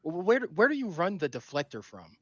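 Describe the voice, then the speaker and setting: A man's voice: sits high, very animated, a little fast, fairly bright tone, dry recording, highs cut off. A man playing a tabletop role-playing game, rambling and searching for words with many fillers. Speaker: player.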